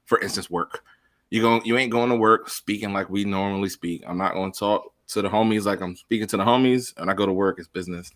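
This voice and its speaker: A man's voice: on the low side, fast, fairly bright tone, no echo. A man co-hosting a casual podcast, talking in a blunt, matter-of-fact way. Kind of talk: casual group podcast chat.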